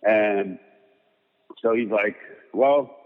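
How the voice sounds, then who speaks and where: A low-voiced man tells a long career story in a loose, rambling way, packed with "you know" and "like." The sound is thin and phone-like, with a long reverb trailing behind him. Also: fairly even intonation, normal speed. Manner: rambling, filler-heavy anecdotes. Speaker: guest, photographer and designer. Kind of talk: casual storytelling interview.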